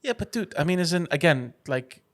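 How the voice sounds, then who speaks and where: Teasing, higher-voiced podcast co-host man. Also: lively intonation, fairly quick. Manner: teasing, chatty, rambling with restarts. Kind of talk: casual chat.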